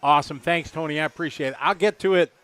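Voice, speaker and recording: A man's voice: a little high, fast talker, a bit bright, clear, resonant tone, dry recording. A middle-aged man doing live race commentary, chatty and rambling, joking with viewers.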